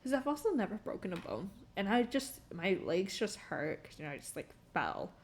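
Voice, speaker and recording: Very animated in a mid-range voice at a moderate pace, a young woman rambles through a story on her stream, laughing a lot and sprinkling in "like" and "um."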